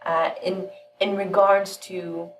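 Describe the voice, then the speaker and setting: Woman, channeled spiritual teaching, calm measured storytelling, distant mic, soft music underneath. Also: medium pitch.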